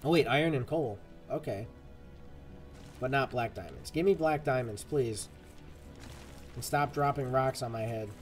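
A male streamer talks through his gameplay in a loose, chatty way, drifting from crafting to greeting viewers. His voice sits in a middle pitch, with faint game music behind him. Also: unhurried, long pauses. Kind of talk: casual gameplay commentary.

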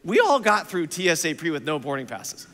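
A male pastor tells a self-mocking story during a sermon. He acts out the dialogue in an animated way, speaking in a church sanctuary. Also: fairly high pitch, a little fast. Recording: long reverb of a church hall.

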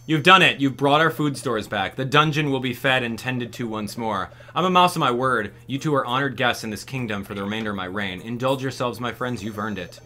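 A man's voice: medium pitch, brisk, hardly any pauses, pushed and bright, close to an everyday voice. A man doing a courtly mouse king. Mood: gracious. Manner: formal, gracious speech. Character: grand, courtly mouse king, gracious and formal.

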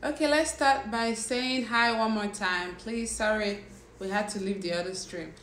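A young woman hosts a casual livestream and chats unhurriedly with her viewers, teasing them about what they tell her. Her voice sits at a middle pitch and rings out in a roomy, echoey space. A faint background noise runs underneath. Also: fairly even intonation, measured pace, a bit bright. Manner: chatty, teasing, reacts to comments. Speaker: livestream host.

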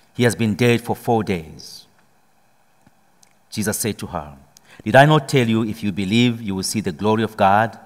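Man preaching in a reverberant church. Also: fairly low pitch. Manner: slow solemn reading, building to emphatic preaching. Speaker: priest. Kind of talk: Gospel reading and homily.

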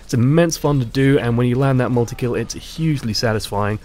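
A man giving measured, explanatory commentary on a video game in a vlog. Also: mid-range voice, darkish tone, a little hiss or hum. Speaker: gaming YouTuber.

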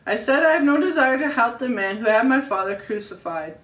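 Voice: medium pitch, animated, brisk, a bit bright, distant mic, close to an everyday voice. A family reader putting on a young man torn between grief and defiance. It is a storybook read-aloud voice. The sound is roomy and set back from the mic. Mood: defiant.

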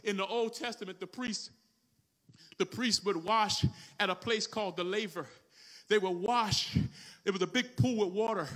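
A man preaching from a church pulpit with a strikingly high, bright, forceful voice. He drives his sermon hard, calling on the congregation and climbing into shouts. It has the steady push and rhythm of live preaching. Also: normal speed, pauses often. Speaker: pastor. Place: church sanctuary.

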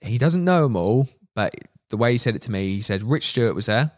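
A man, a podcast guest, telling animated anecdotes in casual chat, swearing freely and acting out quoted voices. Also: mid-range voice, brisk, no room sound, studio quality. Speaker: podcast guest, media manager.

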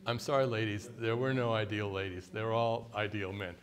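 A man's voice: lowish voice, fairly even intonation. An older man from the United States, giving a conversational workshop talk and often quizzing the audience with questions. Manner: mimics a haughty deliberate voice at times. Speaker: workshop speaker.

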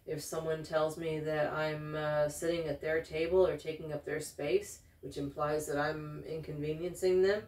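Woman, halting storyteller, lowish voice, echoey room. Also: flat delivery, a little mellow, far from the mic. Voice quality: halting, many fillers and restarts. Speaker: vlogger. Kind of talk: personal storytelling monologue.

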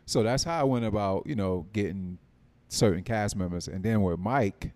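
Laid-back storytelling man, lowish voice. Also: normal speed, a little mellow. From North Carolina. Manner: storytelling, acts out quoted dialogue. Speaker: film writer and producer, guest. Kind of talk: casual podcast interview.

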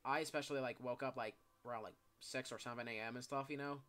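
Bright-voiced young guy gaming. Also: medium pitch, fairly even intonation, fast. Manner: rambling, heavy on fillers like "yeah" and "like". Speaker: gameplay commentator. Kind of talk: casual gaming chat.

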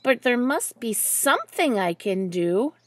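A woman's voice: a little high, sing-song, a little slow. A woman voicing a small, sad young male duck who hopes he can do something well, in a storybook reading. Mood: wistful.

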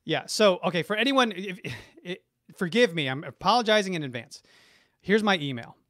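A man's voice: high-pitched, lively intonation, moderate pace, a bit bright, dry recording. Effusive middle-aged man, dry sound. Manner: enthusiastic and effusive, with frequent restarts. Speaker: branding and marketing expert guest. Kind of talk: live-stream Q&A reading chat comments.

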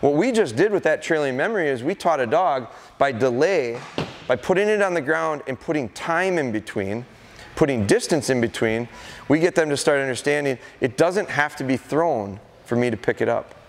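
A man's voice: on the high side, lively intonation, normal speed, slight background noise. A middle-aged man, a dog trainer, leads a live seminar, telling stories and acting out what dogs and their owners say. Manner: anecdotal, acts out dogs and owners. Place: event hall at a deer festival. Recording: long reverb of a large hall.

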